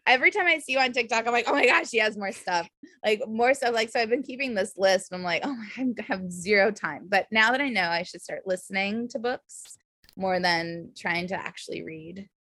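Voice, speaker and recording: A woman's voice: medium pitch, big pitch swings, moderate pace, sharp tone, breathy edge, no room sound. A woman from the Bay Area with a Californian accent, a podcast guest who talks casually and effusively with many fillers, sounding a little tipsy. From San Francisco Bay Area. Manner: bubbly, filler-heavy, effusive.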